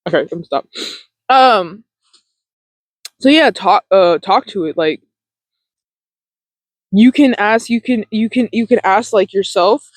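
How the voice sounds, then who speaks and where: A self-help host talking casually to camera, rambling with fillers and laughs, gentle and encouraging. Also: mid-range voice, no room sound, low-quality recording.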